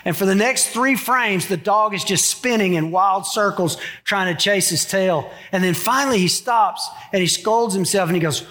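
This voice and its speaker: A man's voice: high voice, moderate pace, hardly any pauses, pushed and bright. A middle-aged man preaching a sermon in a church, conversational, with joking asides to the congregation. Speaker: pastor. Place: church sanctuary.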